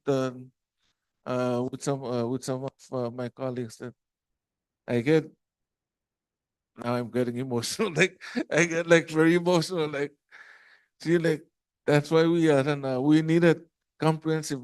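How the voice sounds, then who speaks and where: Halting, emotional man on a panel. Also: mid-range voice, a little mellow, clean tone, dry recording. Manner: halting, many fillers and restarts, gets emotional. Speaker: summit panelist. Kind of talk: panel discussion remarks. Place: conference room.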